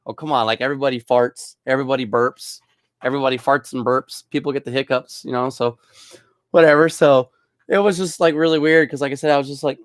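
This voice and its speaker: A man's voice: mid-range voice, steady tone, fast talker, no room sound, clean studio sound. A young man, a bartender, telling rambling stories from work in a casual way, often chuckling. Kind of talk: casual storytelling.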